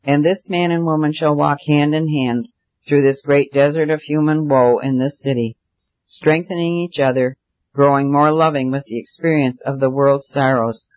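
A man's voice: on the high side, no echo. Man narrating a novel, dry and muffled. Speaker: audiobook narrator.

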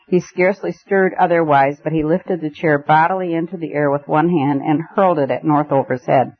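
A man narrating a classic story as an audiobook reader, measured and expressive. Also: on the high side. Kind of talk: scripted narration. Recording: tinny phone-like band, dry.

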